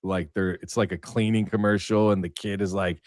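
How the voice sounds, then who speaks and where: A man with a fairly low voice hosts a live stream, rambling through his stories with frequent fillers and restarts. His voice sits close to the mic with a dry, unreverberant sound. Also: fairly even intonation, brisk, no room sound. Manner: rambling storyteller, many fillers. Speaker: livestream host. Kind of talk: casual livestream chat.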